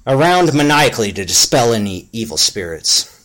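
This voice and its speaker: A man reading a crude comic fantasy story aloud in a deadpan, mock-epic way. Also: medium pitch, moderate pace, slight background noise. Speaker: story reader.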